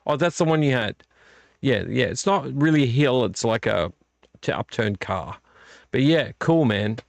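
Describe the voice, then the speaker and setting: Tired gravelly man rambling. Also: mid-range voice, moderate pace, dry recording, dull audio. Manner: relaxed, rambling, complains about covers. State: tired and yawning. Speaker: vlog host. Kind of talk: casual late-night chat. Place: home room.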